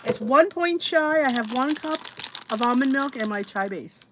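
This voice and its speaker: Woman, casual livestream chat, rambling, higher-pitched. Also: animated, moderate pace, noisy background. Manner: chatty, scattered, talks to herself while setting up. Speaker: podcast host.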